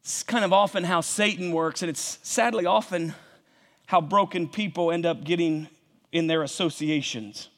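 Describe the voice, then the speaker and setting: A man preaching a sermon with passion, calling out to his congregation and rising at times to shouts. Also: fairly high pitch, moderate pace. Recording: long reverb of a large hall.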